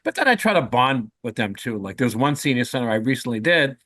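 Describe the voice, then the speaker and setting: A comedian in his sixties, appearing as a guest, tells stories in a chatty, joking, animated way. His mid-range voice is brisk, and the recording has no echo.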